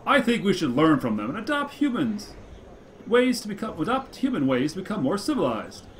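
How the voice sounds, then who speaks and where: A man voicing a pompous male monster elder in a video game, slow and self-important. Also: high-pitched, wildly swooping pitch, a little hiss or hum, voice pushed up.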